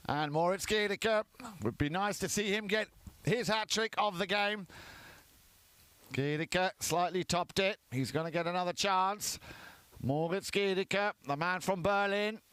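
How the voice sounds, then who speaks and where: A man giving chatty live commentary on a polo match, lifting in excitement at goals. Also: sits high, measured pace, smooth, no echo.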